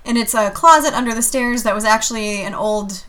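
Bright-voiced woman podcast co-host. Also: fairly high pitch, a little fast. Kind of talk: casual chat.

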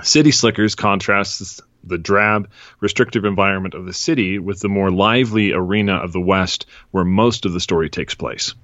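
A deep-voiced man hosting a podcast, chatting and reading a story excerpt at a steady, measured pace. The recording is dry and somewhat dull in tone. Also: no echo. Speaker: podcast host. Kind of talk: casual chat and reading aloud.

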